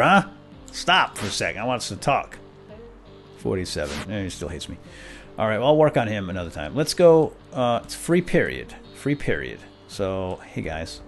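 A man giving excitable, chatty gameplay commentary, talking back to game characters as he plays. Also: deep voice, a little fast, soft background music. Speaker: let's play host.

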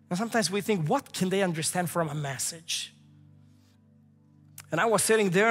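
Man, thirties, pastor, emphatic repetitive sermon, high voice, long church reverb. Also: a bit bright. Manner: emphatic, repetitive preaching with personal stories. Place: large church sanctuary. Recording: echoey hall with faint music.

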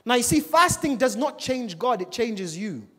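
A male preacher giving a church sermon, animated and full of rhetorical questions to the congregation. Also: very high voice, moderate pace, husky. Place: church service. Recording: long reverb of a large church hall.

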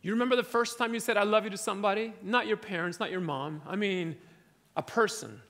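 Guy preaching w/ jokes, kinda high gravelly voice. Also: brisk, fairly bright tone. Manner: humorous storytelling, audience laughing. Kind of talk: sermon.

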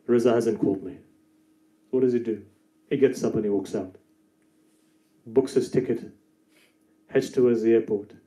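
A male preacher with a mellow, warm tone tells a story to his congregation and presses his points with fervor. His voice carries through an echoey mosque hall. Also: mid-range voice. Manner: storytelling, rising to fervent emphasis. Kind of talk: sermon.

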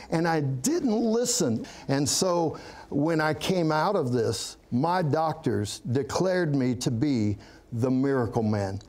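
A middle-aged man speaks as a pastor giving his testimony. He takes his time, his voice sitting a little high, and he tells it earnestly, like a story. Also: a little mellow. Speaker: pastor, guest. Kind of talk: testimony interview.

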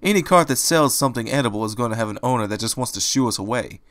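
A man playing a streetwise male rabbit in a fan storybook reading, grumbling and impatient. His lines come out pushy and sarcastic, louder and punchier than the narration around them. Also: medium pitch, animated, fast, no room sound, clean studio sound, natural voice.

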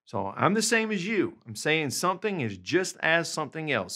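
A man's voice: fairly high pitch, very animated, sharp tone. Patient man teaching a language lesson. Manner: patient, slows down for example phrases. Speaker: language tutor. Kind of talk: explaining lessons to camera.

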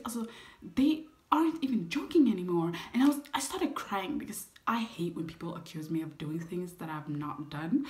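An eighteen-year-old woman tells a dramatic storytime tale in a fairly low voice, dropping often into whispered asides. She is animated, and a faint hiss sits under the recording. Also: normal speed. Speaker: vlogger. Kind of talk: storytime vlog.

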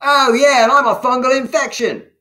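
A man voicing a squad of immune-system cell soldiers, gruff, mocking and suspicious. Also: very high voice, sing-song, brisk, pitched above the performer's own voice.

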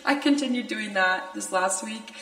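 A woman's voice: mid-range voice, normal speed, a bit bright. Chatty young woman in an echoey room. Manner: chatty, laughing often, lots of filler "like". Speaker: podcast host. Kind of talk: casual chat. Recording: echoey room, distant from mic.

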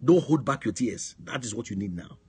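A man preaching with fervor, his voice deeply husky and raspy. He leans on phrases and throws questions back to his listeners, the way a pastor drives home a point. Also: lively intonation, fairly quick, warm tone. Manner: emphatic preaching with call-and-response questions. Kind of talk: sermon on a prayer line. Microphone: phone line.

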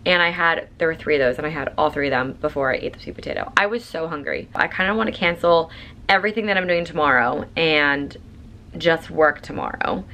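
A woman's voice: low-pitched, expressive, brisk, sharp tone, slight background noise. A woman in her twenties vlogging at home, chatting casually to a phone camera in a rambling way full of fillers. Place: at home, on the floor.

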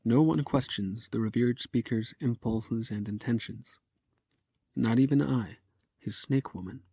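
Imperious noble envoy, read by a man: brusque, gravelly, husky, dry close sound. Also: medium pitch, measured pace, mellow, no echo. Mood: haughty. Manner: brusque, gruff. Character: haughty male noble envoy, curt and imperious.

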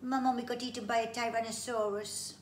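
A woman's voice: on the high side, flat delivery, a little fast, a little hiss or hum, voice pushed up, close to an everyday voice. A woman voicing a small lonely creature with a trunk that chirps "eep eep" and talks in broken, childlike grammar. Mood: sad. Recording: roomy echo.

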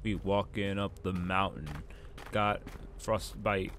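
Guy doing casual game commentary, cussing and joking around, lowish voice, faint background noise. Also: flat delivery, slow, fairly bright tone. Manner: joking, profane, talks to himself. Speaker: gaming YouTuber.

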